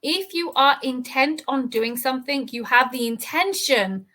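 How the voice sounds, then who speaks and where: A woman's voice: sits high, measured pace, pushed and bright. A woman teaching an English reading lesson, reading an article aloud and then patiently explaining its words and grammar.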